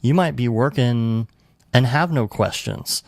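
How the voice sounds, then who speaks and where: A man's voice: medium pitch, a little slow, vocal fry, no echo. A man co-hosting a podcast in casual chat, rambling with lots of fillers and restarts. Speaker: podcast co-host.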